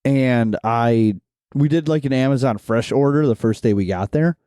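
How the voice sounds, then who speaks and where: A man's voice: medium pitch, normal speed, mellow, dry recording, studio quality. A man co-hosting a podcast, telling a story in a casual chat and laughing often. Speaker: podcast co-host.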